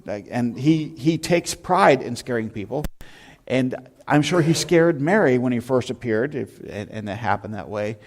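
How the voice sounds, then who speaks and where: A man's voice: medium pitch, normal speed. Man preaching a storytelling sermon. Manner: storytelling, animated anecdotes with shouted imitations. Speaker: pastor. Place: church sanctuary.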